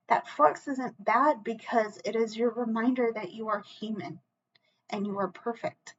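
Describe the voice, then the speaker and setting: A woman's voice: fairly high pitch, a little slow, highs cut off, a little hiss or hum. A woman giving a solo tarot reading to camera, earnest and emotional, close to tears, with frequent restarts and a reassuring "okay?". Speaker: tarot reader.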